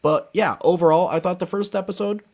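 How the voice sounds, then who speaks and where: A man co-hosting a live chat show, animated and acting out his own reactions. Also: sits high, fairly quick. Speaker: podcast co-host. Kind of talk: casual chat.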